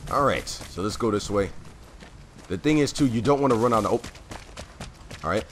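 Low-voiced rambling gamer man. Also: slight background noise. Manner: rambling, chatty, full of fillers and self-corrections. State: voice keeps cutting out, clearing throat. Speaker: gameplay commentator. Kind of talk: casual gameplay commentary.

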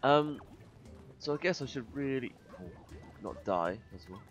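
A man commentating his gameplay, muttering to himself between loud, swearing outbursts, a little tired. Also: mid-range voice, expressive, a little slow. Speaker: gaming video host. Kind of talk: let's play commentary. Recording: faint game music behind.

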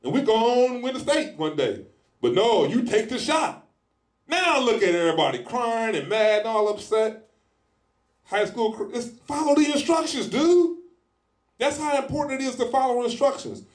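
A man preaching a sermon in a casual, animated style, acting out little scenes as he goes. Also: extremely high pitch, normal speed, echoey room. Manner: animated, acts out scenes in lively voices; speaks in informal colloquial style. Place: church hall.

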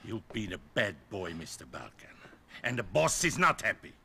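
An actor playing a mocking, menacing gangster thug in a video game cutscene. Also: male voice, fairly low pitch, big pitch swings, moderate pace, creaky, background noise. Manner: taunting, menacing.

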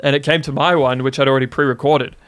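A man from New Zealand with a New Zealand accent guests on a podcast, telling a story in a casual, animated way, laughing often and saying "like" a lot. His mid-range voice is fast, clear and resonant.

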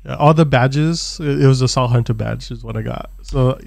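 A man's voice: mid-range voice, normal speed, gravelly, a little mellow, dry recording. A young man co-hosting a gameplay video, chatting casually and throwing in dry, crude one-liners. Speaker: let's play co-host. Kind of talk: casual gaming chat.

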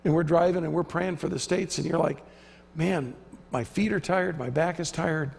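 High-voiced preacher in an echoing church. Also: male voice, normal speed, vocal fry, a little mellow, breathy edge. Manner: emphatic, acts out quoted voices. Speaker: visiting preacher. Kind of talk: sermon. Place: church sanctuary. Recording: church hall reverb.

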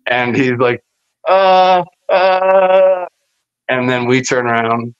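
A man spins rowdy backstage tales, jumping into the voices of the people in his stories and swearing freely. His voice sits at an ordinary middle pitch. The audio is dull and lo-fi, with a dry, close sound. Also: moderate pace, clean tone, dry recording. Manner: animated storyteller, acts out quoted voices with profanity. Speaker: podcast guest, former wrestler. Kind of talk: casual storytelling interview.

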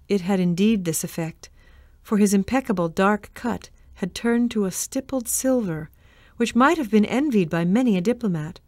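A woman narrating a storybook in a measured, expressive reading voice. Her mid-pitched voice is dry and close to the microphone, with no room sound. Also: no room sound. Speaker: reader.

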